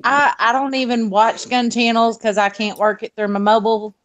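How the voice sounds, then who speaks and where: A woman's voice: on the high side, little pitch movement, normal speed, fairly bright tone. A woman from Texas with a Texan accent, chatting brashly and playfully as a guest on a livestream. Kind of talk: casual chat.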